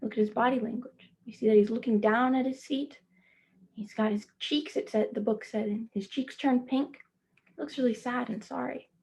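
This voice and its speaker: A woman teacher reading a children's picture book aloud, stopping to gently ask her young listeners questions. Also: fairly high pitch, fairly even intonation, normal speed, vocal fry, breathy edge. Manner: speaks to children as "friends".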